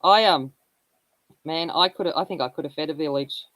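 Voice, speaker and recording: A woman's voice: sits low, brisk, a bit bright, dry recording, low-quality recording. A woman in her forties chatting casually as she hosts a colouring stream, telling rambling, candid stories and laughing often. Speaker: colouring livestream host. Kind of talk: casual chat.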